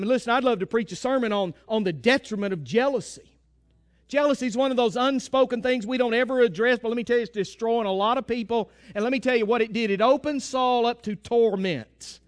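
A man preaching a sermon, retelling a story and acting out the quotes, dropping to a hush and rising to shouts. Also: very high voice.

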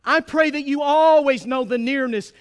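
A man preaching a sermon in an emphatic, pleading way, at times rising to a shout. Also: very high-pitched, normal speed.

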